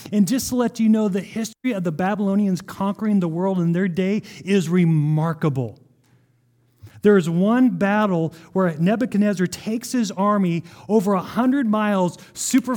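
High-voiced, animated male preacher. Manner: animated, asks the congregation rhetorical questions; reads scripture aloud with emphatic slowing. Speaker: pastor. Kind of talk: sermon.

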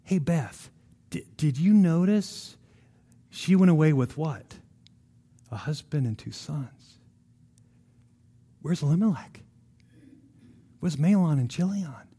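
Hushed nosy village gossip lady, as a preacher puts her on, high voice, sneaky whisper. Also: lively intonation, slow pace, long pauses, breathy edge, heavily acted. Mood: gossipy.

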